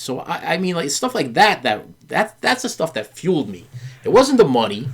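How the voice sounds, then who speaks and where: A middle-aged man hosting a podcast tells his wife a story in a candid chat, his medium-pitched, slightly bright voice talking fast with big pitch swings. He's earnest, stumbling and repeating words amid many fillers while acting out the voices of people he quotes.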